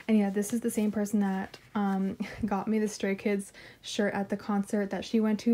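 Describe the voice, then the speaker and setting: Brief: gushing woman vlogger, mellow tone, giggly and chatty as she unboxes. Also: medium pitch. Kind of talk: casual unboxing chat.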